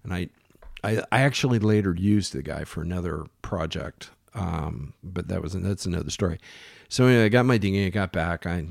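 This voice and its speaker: A man telling a casual anecdote in an animated way, often restarting his phrases. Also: low-pitched, fairly quick, vocal fry, dry recording, clean studio sound. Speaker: storyteller.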